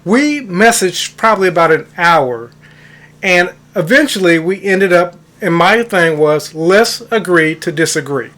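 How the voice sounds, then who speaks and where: A man's voice: high-pitched, animated, a little slow, a bit bright. A man who coaches on manifestation, telling a story in a casual monologue, stressing words for emphasis and addressing listeners as guys.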